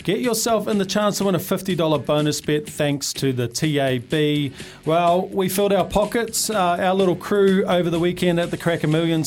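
Upbeat Kiwi male radio host, high voice, breezy quiz banter, light music bed. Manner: upbeat, laughs a lot, calls people mate.

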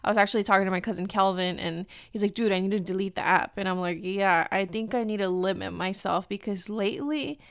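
A woman's voice: mid-range voice, fast, few pauses, clear, resonant tone, no echo, studio quality. A woman hosting her own podcast, telling a personal story in a candid, rambling, confessional way, slipping into Spanish phrases now and then. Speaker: podcast host.

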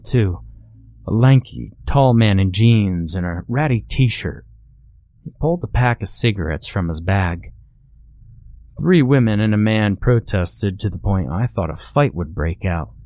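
Male horror storyteller, lowish voice, measured delivery, dry close mic. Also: darkish tone, no echo. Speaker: narrator. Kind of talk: scripted horror story narration.

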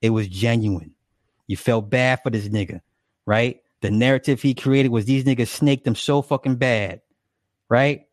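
A man's voice: mid-range voice, steady tone, measured pace, no room sound, studio quality. Sarcastic, profane male commentator. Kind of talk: reaction commentary.

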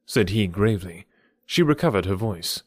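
A man narrating a classic novel as an audiobook in an expressive storytelling manner. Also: fairly low pitch, moderate pace, slightly rough, no echo, studio quality.

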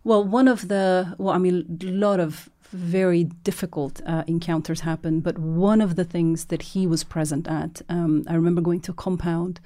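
A woman in an interview tells her story as a documentary filmmaker. Her voice is low and warm. She talks in lively bursts with frequent restarts and acts out the people she quotes. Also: normal speed, hardly any pauses.

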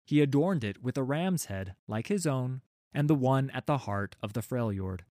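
A man's voice: mid-range voice, animated, normal speed, warm tone, no echo, studio quality. Wry man reading a children's story. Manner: wry, playful asides to listeners.

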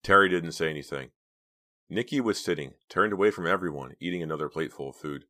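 A man with a very low, deep voice reads a horror audiobook in a steady, measured way. The sound is dry and close, with no room around it. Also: no room sound. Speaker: audiobook narrator. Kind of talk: audiobook narration.

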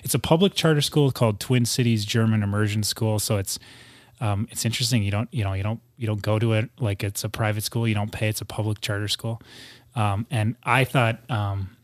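A man's voice: on the low side, steady tone, fairly quick, no room sound. A man from the United States, a guest on a studio podcast, telling stories in casual chat with lots of restarts. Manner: rambling storyteller with many restarts.

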